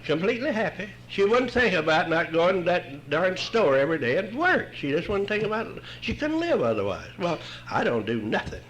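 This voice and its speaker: Older man, recovery-meeting speaker, folksy and wry, animated pitch, faint hiss behind. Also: fairly quick, hardly any pauses, poor audio. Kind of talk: humorous personal storytelling talk.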